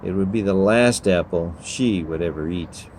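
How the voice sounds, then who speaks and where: Man, storyteller, reading aloud, measured, reflective, lowish voice. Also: darkish tone, a little hiss or hum, rough recording.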